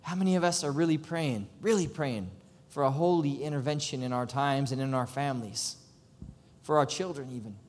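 A man preaching a sermon with passion. He rises to loud cries and breaks off for chuckling asides. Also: mid-range voice, a little fast. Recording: long hall reverb.

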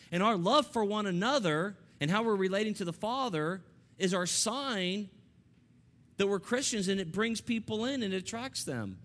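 A middle-aged man, preaching a sermon as pastor and telling a family story, rising and dropping his voice for emphasis. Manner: storytelling, varies pitch and loudness for emphasis.

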